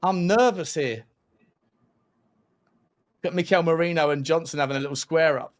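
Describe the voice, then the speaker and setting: A man hosting a football watch-along, reacting with animated, mocking banter. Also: fairly high pitch, normal speed. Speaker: host.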